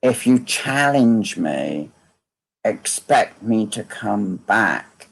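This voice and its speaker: A man, working as a medium, giving a slow, repetitive reading and asking again and again whether the listener understands. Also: fairly low pitch, big pitch swings, creaky, slightly rough. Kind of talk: live online mediumship reading.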